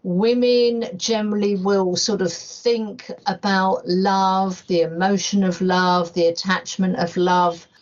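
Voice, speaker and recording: Woman host asking stuff, slow and chatty, muffled audio. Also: medium pitch, fairly even intonation. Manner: inquisitive, conversational questioning. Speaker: podcast host. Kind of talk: podcast interview. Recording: dull lo-fi sound.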